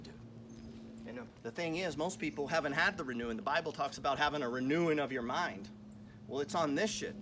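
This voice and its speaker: Male finance host, slightly high voice, profane and confrontational, rhetorical-question style, light background noise. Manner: blunt, confrontational, swears often, asks rhetorical questions. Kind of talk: profane motivational rant to camera.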